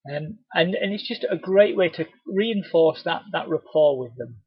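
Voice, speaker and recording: A man presenting a live training webinar, chatty and encouraging, with a husky voice. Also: on the high side, lively intonation, moderate pace, dry recording. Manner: chatty, encouraging, acts out cheery doorstep greetings. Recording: dull, lo-fi webinar audio.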